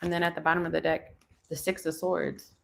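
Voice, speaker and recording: Low-voiced woman in her forties reading tarot. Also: flat delivery, brisk, creaky. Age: 40s. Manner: musing, thinking aloud between card pulls. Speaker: tarot reader.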